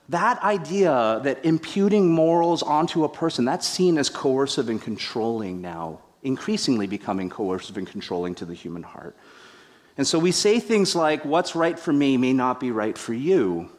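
A middle-aged man preaching a sermon as a pastor, telling stories with animated acted-out quotes and self-deprecating humor. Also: on the high side.

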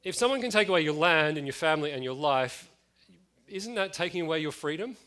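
A man's voice: a little high, animated, a little fast, fairly bright tone. A man in his late thirties preaching a conversational sermon, with frequent fillers and chatty asides.

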